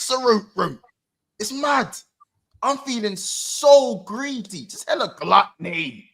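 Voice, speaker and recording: A man in casual football banter, talking in a mock-dramatic, drawn-out way. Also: high voice, lively intonation, vocal fry, a bit bright. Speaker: football fan panelist.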